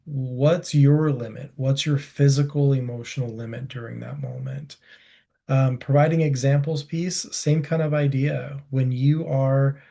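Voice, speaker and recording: Male webinar presenter, warm mellow tone, easygoing and chatty. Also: mid-range voice, a little slow, gravelly. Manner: relaxed, conversational, frequent fillers.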